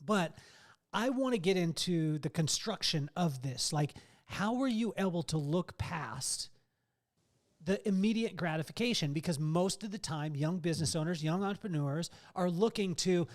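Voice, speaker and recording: A middle-aged man hosting a podcast, telling stories in a lively way with a laugh and putting questions to his guest. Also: high voice, moderate pace. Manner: storytelling, animated and laughing. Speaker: podcast host. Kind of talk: casual interview chat.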